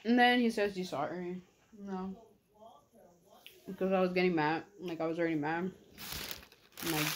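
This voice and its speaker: A woman's voice: lowish voice, moderate pace, pauses often, background noise. A young woman vlogger telling a story casually while eating, chatty and slangy, full of "like" and quoted reactions. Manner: chatty, slangy, animated retelling with lots of "like".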